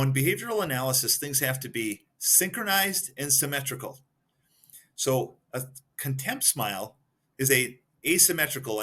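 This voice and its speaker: A man's voice: medium pitch, pushed and bright. A man talking as a guest expert on a podcast, explaining points one by one and giving examples. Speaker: guest expert in behavioral analysis.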